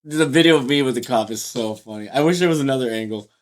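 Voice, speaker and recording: A man's voice: mid-range voice, quick pace. A young man co-hosting a casual podcast while sick, joking and laughing through short anecdotes. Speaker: podcast co-host. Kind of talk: casual chat.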